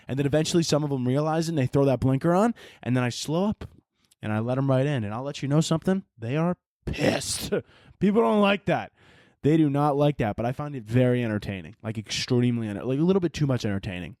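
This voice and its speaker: A man's voice: medium pitch, expressive, quick pace, darkish tone, dry recording, studio quality. A young man hosting his own podcast, ranting casually with lots of swearing and laughing at his own jokes. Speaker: podcast host. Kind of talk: casual solo rant.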